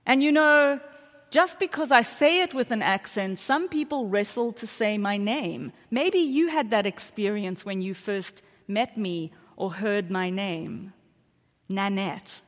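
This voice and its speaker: A woman's voice: medium pitch, expressive, a little slow. South african lady pastor preaching, chatty and joking at herself, big echoey church hall. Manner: chatty, self-deprecating storytelling with audience asides. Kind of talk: sermon. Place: church sanctuary. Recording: long church hall reverb.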